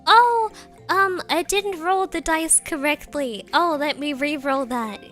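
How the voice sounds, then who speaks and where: A young woman quoting her elderly grandmother, who sounds gentle, hesitant and fretful. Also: high-pitched, slow pace, soft background music. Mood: flustered.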